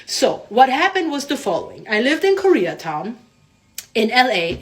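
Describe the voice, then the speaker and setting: A woman telling a personal story to camera in casual style, animated, often adding "right?" and acting out what people said. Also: medium pitch. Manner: animated, frequent "right?" tags, acts out quotes. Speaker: storyteller vlogger.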